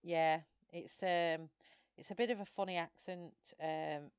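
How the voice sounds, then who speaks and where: A woman's voice: on the low side, fairly even intonation, a little slow, smooth, dry recording, dull audio. A woman with a broad Lancashire accent from Greater Manchester, chatting casually on a livestream and answering viewers' comments. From Greater Manchester, England. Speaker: livestream host colouring.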